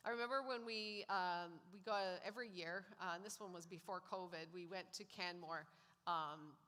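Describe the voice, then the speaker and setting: A Canadian woman, a guest speaker, shares her personal testimony at a church service in the sanctuary, telling her story and acting out what people said. Her voice is on the low side, bright and forceful, at a moderate pace. Long hall reverb from the church fills the recording.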